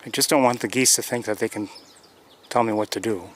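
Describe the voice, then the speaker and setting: A man's voice: on the low side, brisk. A man hosting a live birding tour, narrating casually as he walks the trails by a pond and thinks aloud with hesitant restarts. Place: outdoors on nature trails by a pond. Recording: faint outdoor noise. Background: birdsong and outdoor ambience.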